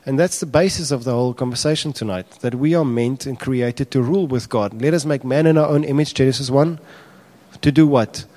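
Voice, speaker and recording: A man preaching a sermon as a pastor, animated and acting out quotes with a raised voice. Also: medium pitch, brisk.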